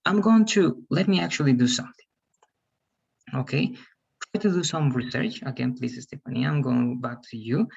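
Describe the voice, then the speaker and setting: A man's voice: medium pitch, moderate pace, creaky, breathy edge, highs cut off. A man teaching English pronunciation over a video call, patient and repetitive, calling on students by name. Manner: patient, repeats okay and right, calls on students by name. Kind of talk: online class teaching.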